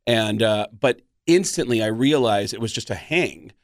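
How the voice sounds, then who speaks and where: A man's voice: fairly low pitch, normal speed, no echo, clean studio sound. A man who is a guest comedian, telling stories on a radio show and acting out the people he quotes. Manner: animated storyteller who acts out quotes.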